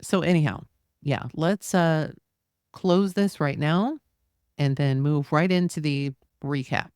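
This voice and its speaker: Woman, podcast host, lowish voice, reads a trial transcript aloud, steady and plain, dry close sound. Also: slow pace, smooth, dry recording. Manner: reads both sides of a cross-examination in a plain, steady voice; casual asides with fillers between readings. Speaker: true crime podcast host.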